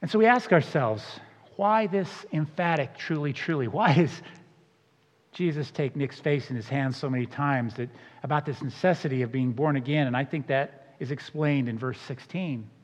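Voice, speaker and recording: A man's voice: medium pitch, normal speed. A man preaching a sermon as a pastor, conversational and emphatic, with casual asides to the congregation. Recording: dull sound with long hall reverb.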